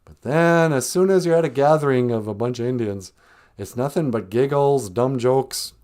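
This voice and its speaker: A man's voice: mid-range voice, moderate pace, a little mellow. A man hosting a casual live-stream podcast, telling jokey stories and laughing often. He is outdoors on a back porch. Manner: joking storyteller, laughs often. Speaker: podcast host.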